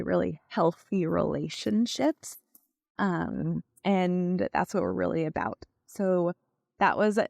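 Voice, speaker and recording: A woman hosting a podcast in a chatty, casual way, full of fillers and quick tone demos. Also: on the low side, vocal fry, darkish tone, no room sound, studio quality. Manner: chatty, with many fillers, acts out tones of voice. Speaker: podcast host. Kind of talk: casual solo podcast talk.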